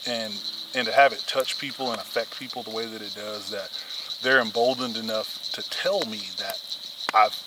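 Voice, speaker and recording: A man's voice: fairly low pitch, fairly even intonation, normal speed, very noisy. Rambling easygoing fishing-channel guy. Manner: rambling, heavy on fillers like "you know" and "man"; upbeat greeting to viewers. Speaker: fishing video host. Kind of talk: casual reflective talk and vlog narration.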